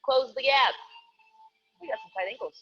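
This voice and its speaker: A man leads a live online workout, cueing each exercise in an upbeat, playful manner. His voice sits high and sounds bright and forceful. The streamed audio comes across a little dull. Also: moderate pace. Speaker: fitness coach.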